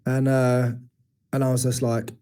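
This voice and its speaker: A man in his forties, an interview guest, telling painful childhood memories openly and haltingly. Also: mid-range voice, completely flat delivery, warm tone, clear, resonant tone. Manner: open, searching, halting retelling of painful memories. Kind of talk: candid personal storytelling.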